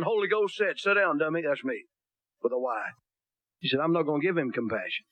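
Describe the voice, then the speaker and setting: A man's voice: fairly high pitch, animated, moderate pace, long pauses, fairly bright tone, dry recording. A male pastor preaching a sermon, blunt and folksy, with homespun humor between King James scripture readings. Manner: reads scripture aloud in King James wording.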